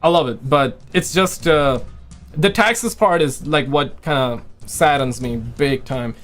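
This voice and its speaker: A man with a high voice talks excitedly on a live stream, rambling and answering viewers as he goes. He says he is losing his voice. Faint music plays quietly underneath. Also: unhurried. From Quebec, Canada. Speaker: livestream host. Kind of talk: casual live stream chat.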